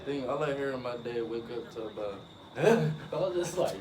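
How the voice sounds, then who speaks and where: A man's voice: mid-range voice, moderate pace, distant mic. Slangy man telling a story off-mic. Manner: slangy, says "bro" constantly, animated retelling. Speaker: channel co-host. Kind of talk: casual storytelling chat. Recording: roomy, from off-mic, noisy.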